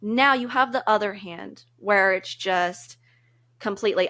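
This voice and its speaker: Her medium-pitched voice is a bit bright and unhurried as she co-hosts a podcast. She discusses relationship advice in a relaxed, sincere, thoughtful way, laughing readily.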